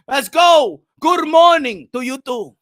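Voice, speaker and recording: A man hosting a boxing commentary channel in a loud, profane, shouting rant that switches between English and Spanish. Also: extremely high pitch, dry recording, studio quality. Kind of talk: ranting video commentary.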